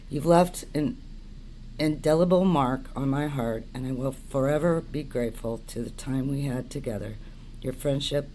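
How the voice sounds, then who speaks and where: Man, mid-pitch, warm and mellow; earnest measured tribute reading with faint background noise. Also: rough recording. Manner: earnest and measured, with small slips. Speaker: friend giving a tribute.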